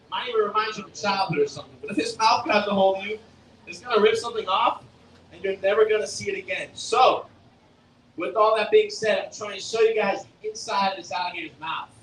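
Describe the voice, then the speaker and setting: A man's voice: sits high, a bit bright, a little hiss or hum. A young man presenting a live alligator show outdoors, joking with and quizzing the crowd, filmed from the audience. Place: outdoor alligator show arena at a theme park. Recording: distant, echoey, faint outdoor ambience.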